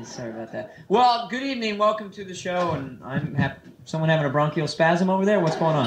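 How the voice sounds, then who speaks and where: A man in his twenties from San Francisco doing a live stand-up set, teasing the crowd quickly and playfully. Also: a little high, lively intonation. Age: 20s. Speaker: stand-up comedian. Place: comedy nightclub stage. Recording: echoey club, noisy old live tape. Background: audience laughter.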